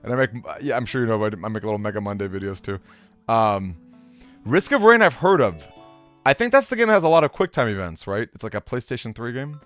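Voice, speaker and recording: A man's voice: mid-range voice, expressive, quick pace, fairly bright tone, faint music behind. A man streaming a game, chatting casually and rambling with fillers as he answers his chat.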